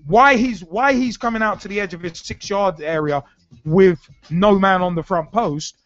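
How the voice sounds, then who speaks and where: High-voiced ranting man. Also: normal speed, fairly bright tone, no echo. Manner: ranting, repetitive, blunt and heated. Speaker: football talk show host. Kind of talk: opinionated live football talk. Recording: dull lo-fi sound with faint music.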